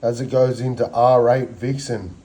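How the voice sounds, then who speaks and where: A man's voice: medium pitch, steady tone, moderate pace, dark tone. A middle-aged man narrating footage in a rambling, slangy commentary full of sound effects. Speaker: video narrator. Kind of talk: rambling commentary over game or drawing footage.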